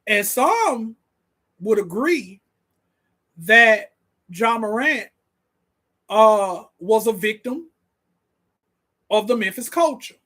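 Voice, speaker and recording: A high-voiced man hosts an easygoing commentary stream, laughing and full of excitement. Stumbling and repeating himself, he never stops speaking straight to his audience.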